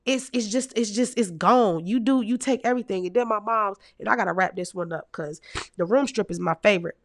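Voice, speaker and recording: A woman in her thirties telling comic stories to her audience in a casual, animated, heavily profane way, laughing often as a podcast host. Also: medium pitch, brisk, dry recording, studio quality. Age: 30s. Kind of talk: casual comedic storytelling.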